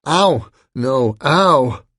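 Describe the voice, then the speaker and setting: A man's voice: lowish voice, takes it slowly, creaky, husky, no room sound, studio quality, exaggerated voice. A man voicing a brutish, crude male fish-monster who spits out threats in a storybook reading. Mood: pained yelping.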